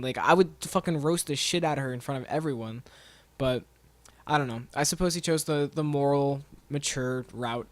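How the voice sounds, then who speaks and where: A man's voice: a little high, moderate pace, no echo. Young adult man, podcast host, casual profane rant, filler-heavy, dry close sound. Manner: profane, rambling, heavy use of "like".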